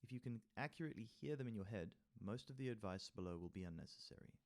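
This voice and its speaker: Male music theory tutor, low voice, mixes reading aloud with casual remarks and counts rhythms out. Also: expressive, fast, a little mellow. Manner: reads text aloud, then adds casual asides and taps rhythms with sung syllables. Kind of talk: tutorial walkthrough reading from a workbook.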